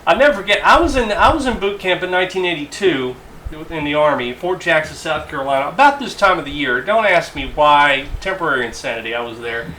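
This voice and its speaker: Bright-voiced storytelling radio host man. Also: on the high side, reverberant, a little hiss or hum. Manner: animated anecdotal storyteller, halting asides.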